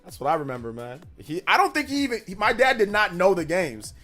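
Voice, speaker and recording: A man's voice: sits high, sing-song, fast, sharp tone, faint music behind. A man in his thirties chatting casually with his live-stream audience, rambling and slangy, repeating himself. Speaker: streamer reading chat.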